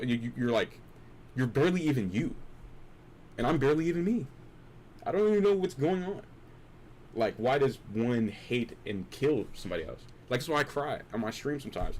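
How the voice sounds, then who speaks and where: A young man talking through a rambling, philosophical chat as a streamer, repeating himself and restarting often, swinging from hushed to loud and excited. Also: medium pitch, moderate pace, a little hiss or hum. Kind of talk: rambling late-night chat.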